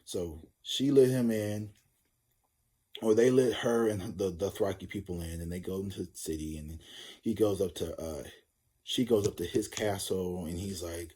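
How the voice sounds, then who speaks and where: A man's voice: low-pitched, normal speed, mellow, breathy edge. A man giving a casual tarot reading, rambling and cursing as he jokes through a story. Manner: rambling, profane, joking storyteller. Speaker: tarot reader.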